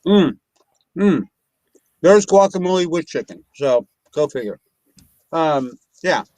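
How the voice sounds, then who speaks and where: A man's voice: a little high, expressive, takes it slowly, a little mellow, dry recording. A man hosting a casual online chat show, rambling with many restarts and eating while he talks. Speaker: show host.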